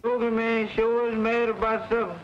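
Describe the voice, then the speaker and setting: A man's voice: very high voice, flat delivery, fairly quick. An actor playing a jittery male servant in a 1932 horror film, with a rustic drawl, heard as a clip from the film. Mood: uneasy. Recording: dull crackly 1930s film audio.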